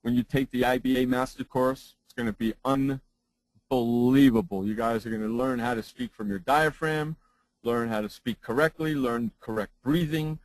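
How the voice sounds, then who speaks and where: A man's voice: medium pitch, steady tone, normal speed, no echo, rough recording. A man who hosts a sports talk radio show, giving a seminar presentation on broadcasting and repeating his points for emphasis into his own broadcast microphone.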